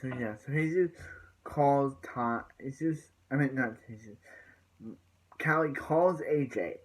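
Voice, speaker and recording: A man's voice: medium pitch, slow, rough recording. A man giving a loose, rambling recap of a TV episode as a reviewer, with lots of "so yeah" fillers as he paraphrases what the characters say. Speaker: TV show reviewer.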